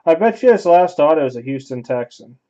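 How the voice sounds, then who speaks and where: A man's voice: on the high side, expressive, fairly quick, dark tone, lo-fi sound. Man chatting offhand over card pulls. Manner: offhand running commentary, thinking aloud. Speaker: card break host. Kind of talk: casual card-opening commentary.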